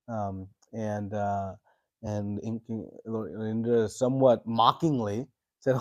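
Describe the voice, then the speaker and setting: A man teaching a scripture class. He tells a story in a relaxed way with many fillers and stops to quiz his students. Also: on the low side, measured pace, dry recording, dull audio.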